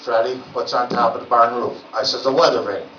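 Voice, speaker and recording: A man's voice: medium pitch, steady tone, fairly quick, sharp tone. Stand-up comic, male, rambling folksy delivery, lo-fi hall recording with noise. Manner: rambling, folksy, many filler words. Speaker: stand-up comedian. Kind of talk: stand-up storytelling. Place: legion hall. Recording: roomy, distant, dull lo-fi with noise.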